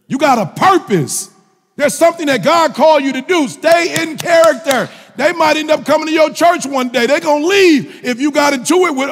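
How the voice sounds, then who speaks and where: A male minister preaching a sermon in a colloquial, joking style, with impassioned shouts and repeated phrases. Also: very high voice, brisk. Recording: long reverb of a large hall.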